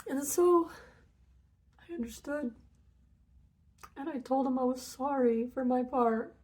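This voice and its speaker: A woman with a slightly high voice talks through spiritual matters in a loose, unscripted way. She is frank and swears freely, slipping into quoted back-and-forth as she goes. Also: slow pace, a little mellow. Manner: candid, swears freely, acts out inner dialogue. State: tearful at moments. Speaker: spiritual channel host. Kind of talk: casual spiritual monologue.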